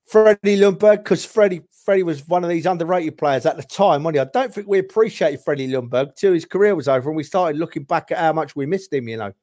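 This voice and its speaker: A man's voice: on the high side, quick pace, hardly any pauses, a little mellow. A man in casual chat, reminiscing about favourite players, rambling with chuckles and restarts. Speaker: podcast guest, football fan.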